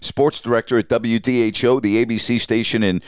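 A sportscaster in his sixties from Long Island, hosting his podcast and telling a lively story about his early career, acting out the people in it. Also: medium pitch, brisk, clean tone, dry recording, clean studio sound. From Long Island, New York. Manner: animated storyteller who acts out quoted dialogue.

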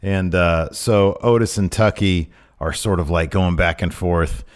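A man's voice: sits low, measured pace. A man co-hosting a podcast, chatting in a laid-back, easygoing way. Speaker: podcast co-host. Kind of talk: casual recap chat.

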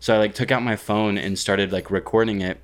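A man's voice: lowish voice, fairly even intonation, fairly quick. A young man co-hosting a podcast, telling a dream in a rambling, casual way with lots of fillers and swearing. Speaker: podcast co-host.

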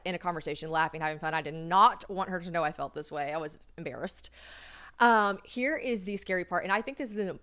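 A young woman co-hosting a podcast, telling a story in casual chat, acting out what others said and laughing often. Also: medium pitch. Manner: animated, acts out quoted voices, laughs often. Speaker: podcast co-host.

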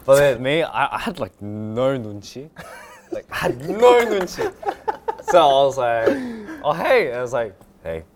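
A young man from Sydney with an Australian accent, a relaxed interview guest using lots of "like". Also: medium pitch, unhurried, over a noisy crowd. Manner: relaxed, filler-heavy. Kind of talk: casual chat.

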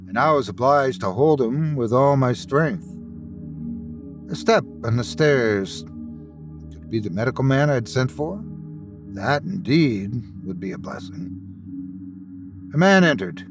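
A man hosting and narrating a classic ghost story in a dramatic, expressive reading. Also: medium pitch. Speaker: host and storyteller.

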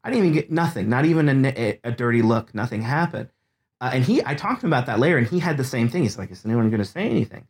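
A man's voice: mid-range voice, animated, quick pace. A man in his thirties, a podcast guest, candidly telling a personal story, earnest and emotional, rambling with restarts. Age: 30s.

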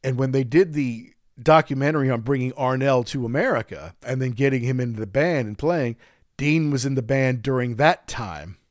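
A man's voice: mid-range voice, moderate pace, no echo. Chatty man with a dry voice. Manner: storytelling, animated when quoting his daughter. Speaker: podcast host. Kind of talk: casual chat.

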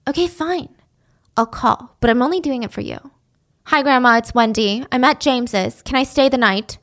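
A woman voicing an angry, rebellious teenage girl who curses loudly. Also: fairly high pitch, normal speed. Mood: sulky. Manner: loud, cursing, heated.

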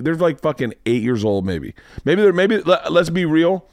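Man, podcast host, mid-pitched voice, dry close sound, swearing storyteller, animated. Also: moderate pace, no echo. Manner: profane, animated storyteller who acts out voices. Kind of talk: casual storytelling chat.

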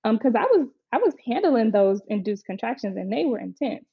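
A young woman with a fairly high voice tells a personal story in a chatty, frank way, slipping into quoted voices as she goes. The recording is a little dull and lo-fi, with a dry, close sound and almost no room. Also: big pitch swings, a little fast, vocal fry, slightly rough, no echo. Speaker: mother telling her birth story.

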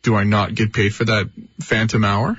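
A man's voice: on the low side, flat delivery, moderate pace, fairly bright tone, husky. A man co-hosting a morning radio show, teasing and wisecracking. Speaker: radio co-host. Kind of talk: casual morning radio banter. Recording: dull lo-fi radio broadcast.

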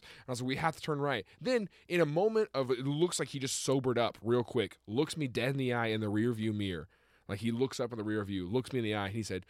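A man's voice: mid-range voice, fast, dry recording, studio quality. A young man co-hosting a podcast, telling a long story in a casual way and laughing often as he goes. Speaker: podcast co-host.

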